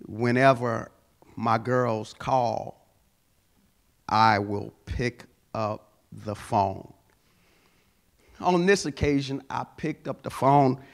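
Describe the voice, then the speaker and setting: A man's voice: medium pitch, extremely slow, gravelly, pauses often. A male pastor preaching a sermon, telling a personal story and building to emphatic exhortation.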